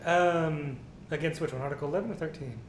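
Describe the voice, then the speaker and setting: A man with a somewhat high voice ranting through a casual news commentary, swearing freely as he reads items aloud. The room is echoey. A faint rumble runs behind him. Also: quick pace. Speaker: co-host.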